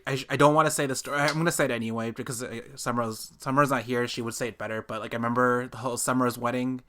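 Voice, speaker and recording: A man hosting a casual podcast chat, telling stories with energy and dropping to quiet asides. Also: mid-range voice, very fast. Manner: animated storyteller, drops to quiet asides. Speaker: podcast host.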